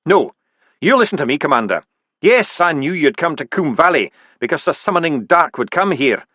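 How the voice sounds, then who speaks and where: An earnest, urgent dwarf priest, voiced by a man, pressing his point with a lively, rising voice. He talks fast and persuasively, and his delivery is dry and close. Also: a little high, no room sound, pitched above the performer's own voice, full character voice.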